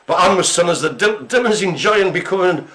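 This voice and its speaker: A man's voice: high-pitched, lively intonation, fast, sharp tone. A man co-hosting a live broadcast, telling jokey stories in casual chat with plenty of fillers. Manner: chatty, jokey storytelling with fillers. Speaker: co-host of a live care-centre broadcast.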